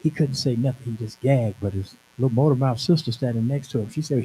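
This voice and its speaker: A man's voice: mid-range voice, quick pace, few pauses, mellow, a little hiss or hum, poor audio. Man in his sixties preaching a testimony. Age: 60s. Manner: conversational storytelling, emphatic. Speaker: minister. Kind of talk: personal testimony sermon. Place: conference venue.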